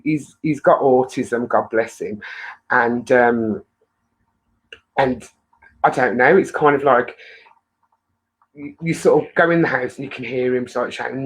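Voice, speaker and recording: A woman's voice: low-pitched, low-quality recording. A woman hosting a casual live stream, chatting in a rambling way to viewers and laughing often.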